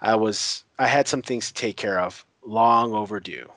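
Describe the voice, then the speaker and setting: A man puts on a brash older pirate who mocks everyone around him, drawling crude insults at an easy pace. The voice sits low and close, with no room sound around it. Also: a bit bright, no room sound, close to an everyday voice. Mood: mocking. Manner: taunting, crude, unhurried. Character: brash mocking older male pirate uncle. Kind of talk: retelling a TV scene with voices.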